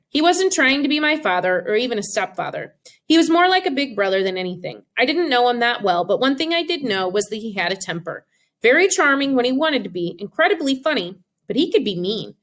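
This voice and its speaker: Expressive woman audiobook narrator. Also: on the high side. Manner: expressive storytelling.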